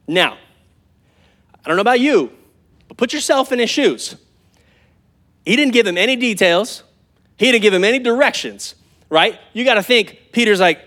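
A man in his thirties, a pastor preaching to a live congregation in a church, conversational and animated, calling out to the crowd. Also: high voice. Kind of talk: sermon.

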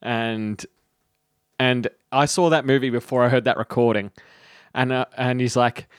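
A man's voice: mid-range voice, steady tone, unhurried, clean tone, no echo. A man co-hosting a podcast in casual chat, telling a story in a wry, dry way. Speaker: podcast co-host.

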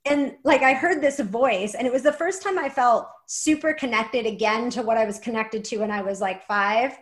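A young adult woman, a guest and author, telling a personal story earnestly with many "like" fillers. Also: a little high. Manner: earnest, fast, lots of "like" fillers.

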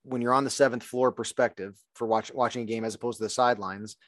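A man's voice: medium pitch, fairly even intonation, quick pace, dry recording, clean studio sound. A man, a former wide receiver now in broadcasting, explaining the game in detail in casual podcast talk. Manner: thoughtful, explains in detail with many restarts. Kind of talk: casual sports podcast chat.

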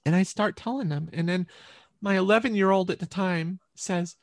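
A middle-aged woman appears as a podcast guest, telling a personal story earnestly but haltingly, restarting often. Her voice is lowish with a darkish tone, recorded dry.

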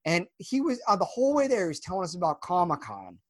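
A man's voice: sits high, huge pitch swings, fast talker, no echo, studio quality. A man co-hosting a podcast, telling stories animatedly and quoting lines with laughter. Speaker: podcast co-host. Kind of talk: casual chat.

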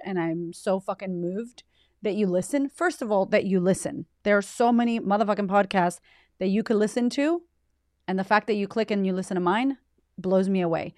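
A woman's voice: medium pitch, normal speed, a little mellow, no room sound. A woman hosting her own podcast in a heartfelt, casual monologue. She is emotional and close to tears, and swears freely as she gushes her thanks. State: teary, close to crying. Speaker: podcast host.

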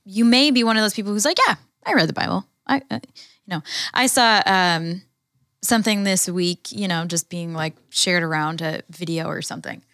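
A woman co-hosting a chat, earnest and sure of her opinions. Her voice is smooth and clear. The sound is dry and close to the mic. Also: on the low side, normal speed, a bit bright, no room sound. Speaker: podcast co-host. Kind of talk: casual chat.

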